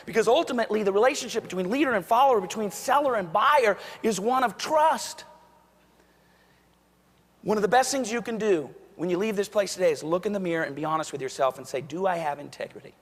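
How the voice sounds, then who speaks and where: A man's voice: sits high, fast, in a large hall. A man giving a motivational keynote speech, telling stories and acting out the voices of the people in them. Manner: storytelling, acts out quoted voices. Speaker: keynote speaker.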